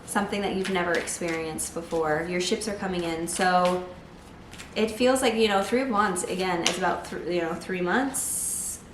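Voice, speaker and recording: A woman with a fairly low voice talks through a tarot spread in a casual, chatty way. She leans on "like" a lot and lifts into bursts of excitement. The room echoes noticeably, with a faint hum of background noise. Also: normal speed. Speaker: tarot reader. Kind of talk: casual tarot reading to camera.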